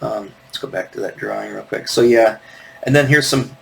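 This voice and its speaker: A man's voice: lowish voice, moderate pace, creaky, rough recording. A middle-aged man and comic artist, talking casually and rambling with lots of fillers and restarts as he shows pages on screen. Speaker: comic artist and video host. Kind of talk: casual solo talk, screen-share commentary.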